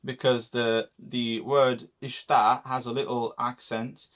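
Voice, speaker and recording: A man's voice: medium pitch, little pitch movement, takes it slowly, fairly bright tone. A young man from Portugal with a Portuguese accent, co-hosting a casual language lesson, explaining patiently and teasing his partner. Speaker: co-host, teacher. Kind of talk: casual teaching chat.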